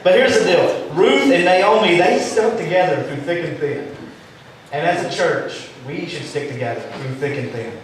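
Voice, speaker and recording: A man's voice: on the high side, animated, moderate pace. A man preaching a sermon in a church, telling a story with a joking twist. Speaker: pastor. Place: church sanctuary. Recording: echoey and distant, faint room noise.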